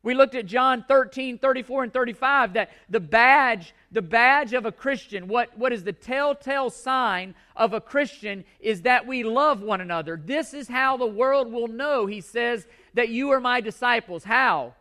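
A man's voice: extremely high pitch, moderate pace, few pauses, sharp tone. A male pastor delivering a sermon to his congregation in a church, emphatic and repeating key words for stress.

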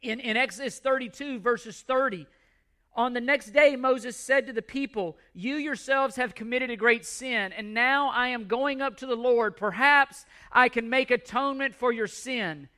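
High, bright-voiced man preaching earnestly. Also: moderate pace. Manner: earnest, pleading, repeats words as he restarts. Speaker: pastor. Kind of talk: sermon.

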